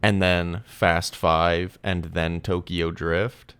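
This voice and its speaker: A young man co-hosting a movie podcast, chatting casually and animatedly, with quick asides and self-corrections. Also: deep voice, level tone, a bit bright, clear, resonant tone. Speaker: podcast co-host.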